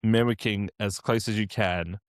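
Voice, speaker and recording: Low-voiced man coaching accents. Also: fairly even intonation, moderate pace, no room sound, studio quality. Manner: practical, encouraging, explains step by step. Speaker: dialect coach. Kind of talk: podcast interview answers.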